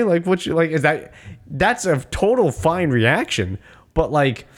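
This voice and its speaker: A man's voice: on the high side, sing-song, measured pace. A man co-hosting a casual movie talk, swearing freely and acting out characters' lines in exaggerated voices.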